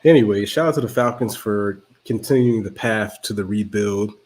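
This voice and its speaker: A man's voice: lowish voice, normal speed, darkish tone. A man co-hosting a casual sports podcast, talking in a dry, blunt, joking way. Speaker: podcast co-host.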